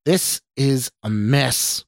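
A man's voice: mid-range voice, very slow, creaky, no echo, pitched above the performer's own voice. A man voicing a stern older male government official who speaks curtly and callously, in a story reading. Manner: curt, callous, growling. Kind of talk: audio drama reading.

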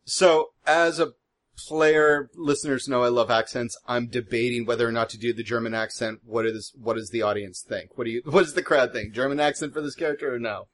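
A man's voice: medium pitch, steady tone, brisk, a bit bright. A man playing a tabletop game, narrating his character with chatty storytelling. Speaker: player.

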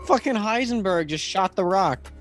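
A man's voice: high-pitched, lively intonation, moderate pace, a bit bright, soft background music. A man casually reacting to a video game cutscene, laughing, swearing and joking about lookalikes.

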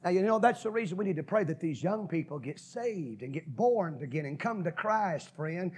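Preacher, male, husky and slightly high, folksy sermon delivery with shouts and whispers. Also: animated. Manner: preaching with sudden shouts and drops to a whisper, folksy, drawn-out stresses. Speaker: pastor.

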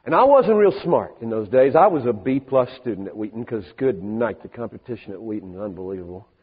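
A man's voice: on the low side, expressive, brisk, husky. Older male pastor preaching in a reverberant hall. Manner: emphatic, shifting from soft asides to rising, preaching peaks. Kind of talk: sermon. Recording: hall reverb on a thin, phone-like band.

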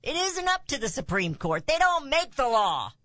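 A woman's voice: very animated, normal speed, a bit bright, no echo. A woman hosting a political talk radio show, delivering an emphatic monologue whose voice climbs on the points she stresses. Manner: emphatic, rising pitch on key points, with asides.

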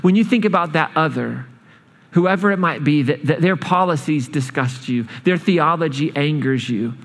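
A man preaching a sermon, storytelling with lively changes of speed and emphasis in a church hall. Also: a little high. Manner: animated storytelling, speeding up and slowing down. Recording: long hall reverb.

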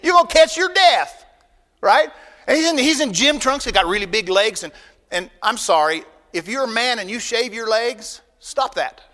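A man preaching a sermon as pastor, folksy and emphatic, swinging between loud bursts and quiet asides. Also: sits high, expressive, moderate pace, big-room sound.

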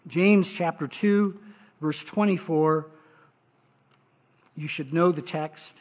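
Male pastor, high voice, emphatic sermon delivery, dull lo-fi recording. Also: slow. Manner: emphatic preaching with frequent "uh" fillers, rising pitch for stress.

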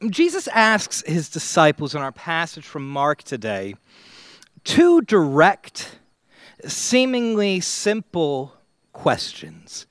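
A man preaching a sermon to his church, slow and dramatic, with long pauses and swings between loud and quiet. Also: fairly high pitch, big pitch swings, no room sound, clean studio sound. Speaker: pastor.

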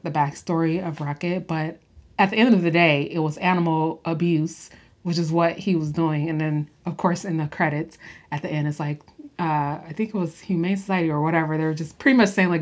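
A young woman in casual chat, rambling through a film review with fillers and laughs. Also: deep voice. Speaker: podcast host reviewing a film.

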